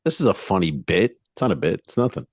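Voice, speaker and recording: A man's voice: low voice, fast, creaky, breathy edge, no room sound. A man co-hosting a comedy podcast, chatting casually and acting out the voices of people in his stories. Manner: animated, acts out quoted voices in bits. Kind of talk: casual banter.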